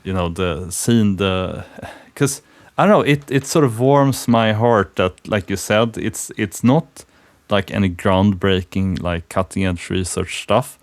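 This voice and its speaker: A man's voice: low-pitched, measured pace, no echo. A man hosting a programming podcast, talking in a thoughtful, hesitant way with many fillers and restarts. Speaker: podcast host. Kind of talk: casual technical conversation.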